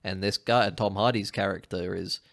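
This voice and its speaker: Gravelly-voiced man rambling casually. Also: low voice, fairly even intonation, moderate pace, a bit bright. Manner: rambling, restarts and laughs a lot. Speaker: podcast co-host. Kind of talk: casual chat.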